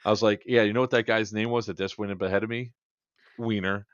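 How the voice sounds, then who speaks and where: A man's voice: on the low side, fast, no echo, lo-fi sound. A man co-hosting a podcast, telling a long funny story in a casual chat and quoting people back and forth. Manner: animated anecdote-telling, quoting others in dialogue. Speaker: podcast co-host.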